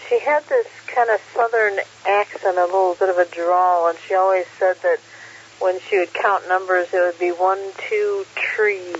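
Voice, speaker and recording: Relaxed man on lo-fi ham radio. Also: high-pitched, moderate pace, husky. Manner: relaxed, joking, frequent uh fillers. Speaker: net control operator on amateur radio. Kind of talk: casual radio chat reading daily holidays. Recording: lo-fi radio audio with faint hiss.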